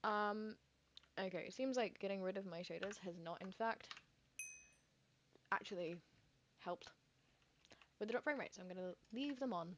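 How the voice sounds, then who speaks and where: A woman's voice: medium pitch, moderate pace, long pauses, dull audio, a little hiss or hum. A woman, chatting casually and thinking aloud while streaming a game, with lots of fillers and rambling asides. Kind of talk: casual gameplay commentary.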